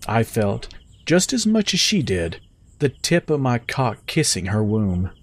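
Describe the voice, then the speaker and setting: Give me a man with a middle-pitched voice narrating a first-person story in a steady, measured way.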